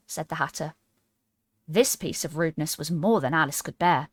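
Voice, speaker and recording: A woman narrating a classic storybook aloud with an expressive, animated reading. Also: low-pitched, moderate pace, breathy edge, dry recording. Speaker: audiobook reader.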